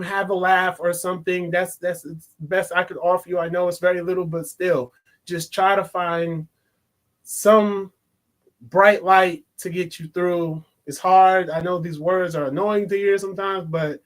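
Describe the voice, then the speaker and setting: A young adult man talks to his viewers about a film in a high, light voice. He rambles, restarts his sentences and drifts into joking asides in a relaxed, casual way. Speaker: movie reviewer. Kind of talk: casual vlog monologue.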